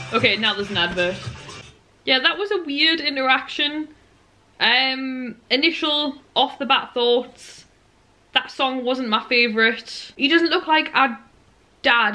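Excitable bright-voiced woman vlogging. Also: a little high. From United Kingdom. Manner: excitable, gushing, rushed chatter. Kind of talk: casual vlog chat. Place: at home in a living room. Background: television audio.

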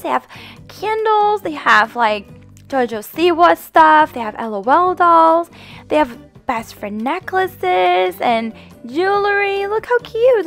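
Very high-pitched, lively woman roleplayer. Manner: animated and playful, motherly coaxing. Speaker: host and roleplayer playing the mom. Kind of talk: casual game roleplay chat.

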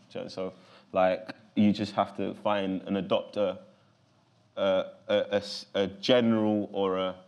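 A man with a London accent, answering interview questions in an animated, loose way full of casual fillers. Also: sits low, muffled recording. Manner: animated, loose, full of fillers like "you know what I'm saying". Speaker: actor guest.

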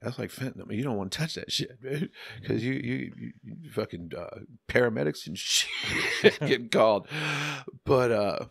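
Gravelly-voiced man telling a wild story. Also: medium pitch, moderate pace. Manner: animated, swearing, acts out quotes in other voices. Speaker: podcast guest. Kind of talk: storytelling in casual chat.

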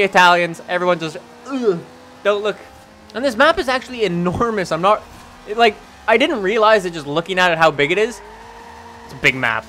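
A young man from Canada giving rambling, excitable let's-play commentary over a racing game, often jumping into high yelps. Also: slight background noise. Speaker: gaming channel host.

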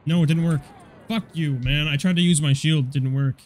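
A young man giving casual, profane commentary over a car combat game, rambling and quick to get annoyed. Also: a little high, steady tone. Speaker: gameplay commentator.

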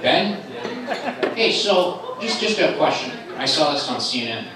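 A man doing a stand-up comedy set in a club, loud, animated and teasing the audience. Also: a little high, measured pace. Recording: roomy club sound from a distant camera, crowd laughing. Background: audience laughter.

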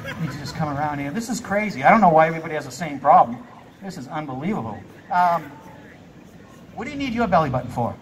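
A man's voice: a little high, lively intonation, quick pace, slight background noise. A man performing as a stage hypnotist, giving playful commands to volunteers and laughing often. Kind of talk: live stage show patter. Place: live theater stage. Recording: distant live stage sound.

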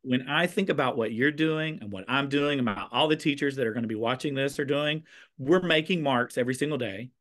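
A man with a clear Southern American accent, talking in a relaxed, expressive way, with a touch of sass in his delivery. He sounds like a teacher chatting over a video call, mid-pitched for a man. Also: a little fast. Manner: expressive, a bit sassy, warm storytelling. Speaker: teacher and conversation host. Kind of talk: casual video chat.

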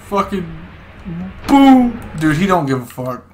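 A young man streaming a game, excitedly commenting, swearing and repeating words to himself. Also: high voice, takes it slowly, slight background noise. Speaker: gaming streamer. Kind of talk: casual gameplay commentary.

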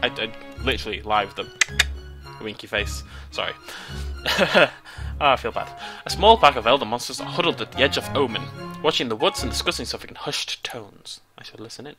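A young British man hosting a game let's play, reading the game's text aloud in a playful, jokey way with sudden leaps in pitch. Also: fast talker, bright, forceful tone, soft background music. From Britain.

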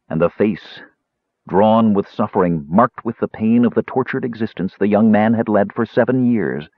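A man reading a fantasy novel aloud as an audiobook narrator, with expressive, dramatic delivery. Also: fairly low pitch, no echo. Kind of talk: scripted narration. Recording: dry, slightly dull recording.

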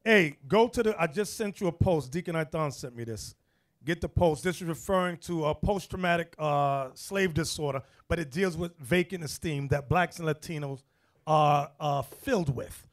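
Male bishop, high pitch, directive discussion leader. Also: normal speed. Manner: directive, acts out quotes loudly. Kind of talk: casual teaching discussion.

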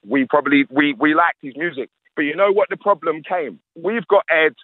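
A man's voice: high voice, no room sound, phone-quality sound. A man, a radio interview guest who rants emphatically and repeats his points. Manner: ranting, emphatic, repeats himself. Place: radio studio.

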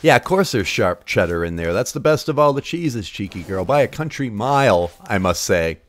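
A man's voice: lowish voice, moderate pace. A man in his forties from Massachusetts with a Boston accent, chatting loosely and swearing a lot as he plays old games on a livestream. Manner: profane, rambling and excitable. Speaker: streamer. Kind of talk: casual gaming livestream chat.

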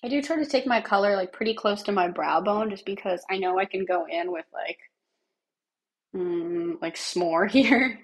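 A woman livestreamer with a raspy, smoker-like voice and a lingering cough, chatting casually through a makeup tutorial and narrating each step as she works, sometimes dropping to a near-whisper. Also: mid-range voice, normal speed. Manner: chatty, thinks aloud while working, drops to near-whispers.

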